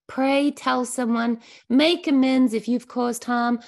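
A woman speaks earnestly in a recovery share, her voice pitched high with a noticeable gravelly fry. She talks in a heartfelt, searching way, stopping and restarting her phrases as she works through her thoughts for an online group. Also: slow pace, few pauses.

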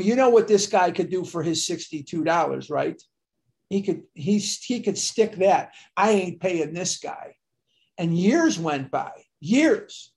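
A man's voice: high voice, a little mellow. Older man telling an earnest confessional story. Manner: earnest, confessional, with emphatic bursts. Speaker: speaker sharing at a recovery meeting. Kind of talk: personal storytelling share.

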